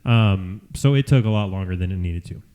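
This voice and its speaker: A man's voice: low voice, fairly quick, dark tone, lo-fi sound. A man hosting a casual podcast over drinks, rambling with lots of "like" fillers and laughing easily. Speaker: podcast host.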